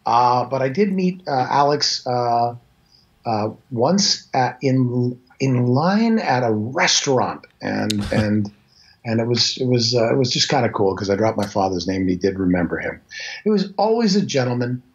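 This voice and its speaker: A man's voice: medium pitch, expressive, normal speed. A Canadian man in his sixties tells stories as an interview guest. He rambles and pokes fun at himself in an everyday mid-range voice. The audio sounds a little dull. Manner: rambling, self-deprecating storyteller. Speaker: voice actor guest. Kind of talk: casual interview chat.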